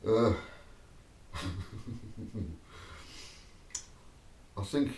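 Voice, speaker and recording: A man's voice: on the low side, animated, very slow, a little mellow. Chuckling man, echoey room. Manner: chuckling, digressive, keeps breaking into laughter. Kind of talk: rambling anecdote to camera. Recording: roomy echo, mic at a distance.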